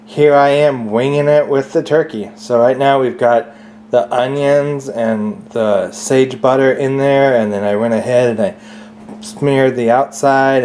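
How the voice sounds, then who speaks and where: Jokey guy talking through a home cooking vlog, mid-pitched voice, kitchen hum in the back. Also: a little mellow. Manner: chatty, joking, laughs often. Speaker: home cook filming a holiday meal.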